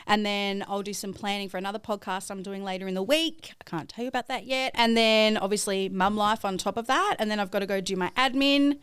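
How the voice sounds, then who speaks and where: A woman's voice: medium pitch, fairly even intonation, a little fast, few pauses, a bit bright, clean tone, no echo, studio quality. A woman, a midwife, chatting as a podcast guest in a direct, self-deprecating way. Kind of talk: casual chat.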